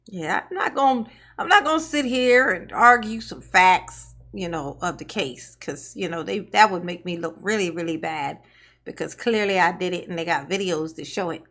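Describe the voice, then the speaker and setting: A woman's voice: fairly low pitch, normal speed, a bit bright. A woman giving casual live-stream reaction commentary, sarcastic and mocking, often laughing.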